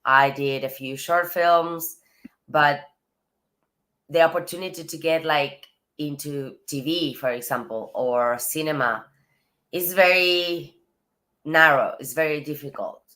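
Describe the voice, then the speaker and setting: An Argentine woman with a strikingly low voice, speaking English as a second language after Spanish. She talks as a guest in a casual interview, thoughtful and relaxed. Now and then she slips in a soft laugh between phrases. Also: a little slow. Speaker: actress, guest.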